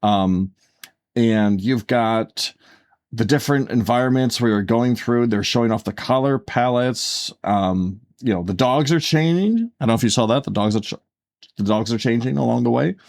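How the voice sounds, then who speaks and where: A slightly mellow man of medium pitch speaks at a moderate pace as a casual podcast co-host. His conversation drifts and rambles, heavy with fillers and repeated restarts and self-corrections.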